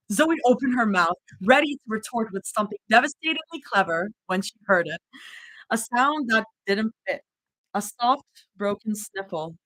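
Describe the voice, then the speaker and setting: Bright-voiced woman reading fanfiction aloud. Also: medium pitch, moderate pace, dry recording, poor audio. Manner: expressive reading with emotional reactions. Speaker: fanfiction reader. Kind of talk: live read-aloud of fanfiction.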